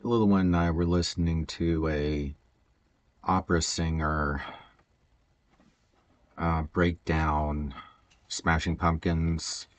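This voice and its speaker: A man's voice: very deep voice, fairly even intonation, slow, long pauses. A man chatting casually and rambling while he works on a Lego build, hesitant, with many fillers and stutters and frequent chuckles. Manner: chuckles often.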